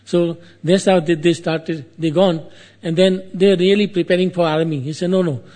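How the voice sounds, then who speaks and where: Man, storyteller, slightly high voice, casual retelling, halting repeated phrases, asides to the listener. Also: fairly even intonation, darkish tone. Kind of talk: casual retelling of an epic tale.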